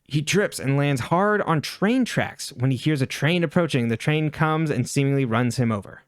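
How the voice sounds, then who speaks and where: A man's voice: a little high, expressive, normal speed, dry recording, studio quality. A man co-hosting a podcast, casually recapping a TV episode with offhand asides and chuckles. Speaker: podcast co-host.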